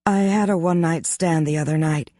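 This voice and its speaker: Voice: mid-range voice, fairly even intonation, a little fast, mellow, no room sound, studio quality, close to an everyday voice. Narrator doing Pippa, a rueful anxious young woman.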